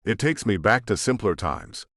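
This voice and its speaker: A man narrating a first-person romance audiobook in a relaxed, conversational way, close to the mic. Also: lowish voice, moderate pace, no room sound.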